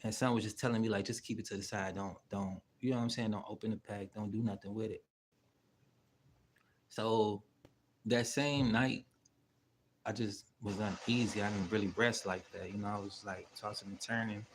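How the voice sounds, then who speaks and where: Low-voiced man telling a story. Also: steady tone, normal speed, husky. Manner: loose and slangy, heavy swearing; rambling, with many fillers and asides. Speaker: channel host. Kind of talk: casual spoken storytelling.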